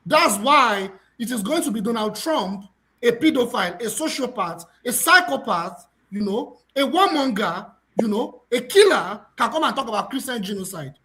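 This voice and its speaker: Guy ranting on a panel, voice jumps all over, gets loud and fired up. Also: extremely high pitch, animated, moderate pace. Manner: passionate, repetitive, rising to near shouts. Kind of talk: heated panel debate.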